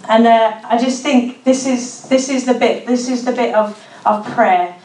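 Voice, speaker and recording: A woman's voice: a little high, unhurried, a little mellow. A woman with a Birmingham accent giving a chatty, informal talk on prayer, full of restarts and "like". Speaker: speaker at a church gathering. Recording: echoey room, mic at a distance.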